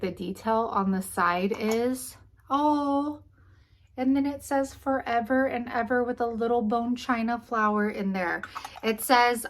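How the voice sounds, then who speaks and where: A young woman talking casually to camera about thrift finds, a little out of breath, her voice trailing off into quiet asides. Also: mid-range voice, a little hiss or hum, rough recording. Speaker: vlogger showing thrift finds.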